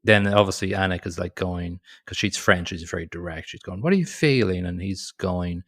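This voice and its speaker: A man's voice: sits low, normal speed, few pauses, a bit bright, breathy edge. A man co-hosting a casual movie podcast, rambling through the plot and laughing as he goes. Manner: rambling, laughs often, quotes characters in mock voices. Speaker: podcast co-host. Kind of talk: casual movie review chat.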